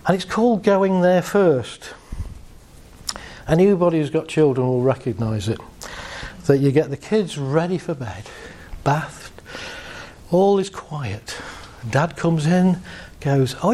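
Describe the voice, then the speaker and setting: A man giving a humorous, animated talk to a live audience, shifting his pace and voice for effect. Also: sits high. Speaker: speaker.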